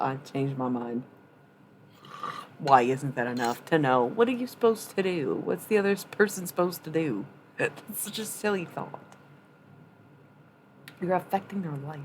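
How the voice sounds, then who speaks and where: Blunt low-voiced woman streamer. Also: darkish tone, slight background noise. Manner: blunt, profane tough-love talk; chatty, laughs often. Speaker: livestreamer. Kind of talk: casual live-stream chat.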